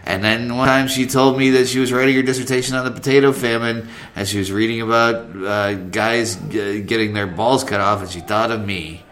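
Jokey man with a bright, forceful voice. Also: medium pitch, steady tone, fairly quick, few pauses. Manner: jokey, goofy, riffing. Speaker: podcast co-host. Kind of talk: casual chat.

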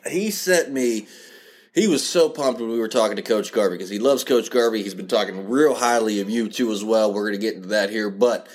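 A man hosting a podcast in casual chat, laid-back, with stammered restarts and laughter as he tells stories. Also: on the low side. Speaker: podcast host.

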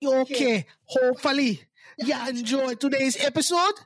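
A man's voice: extremely high pitch, moderate pace, fairly bright tone, no echo, clean studio sound, pitched above the performer's own voice. A man putting on a jokey Jamaican accent to play a laid-back male Rastafarian stoner, in an exaggerated sign-off. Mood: playful. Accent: Jamaican (put on). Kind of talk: comic impression.

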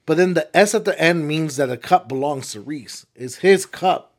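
A young man co-hosting a casual chat, animated and profane, ranting with mock voices. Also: fairly high pitch, moderate pace.

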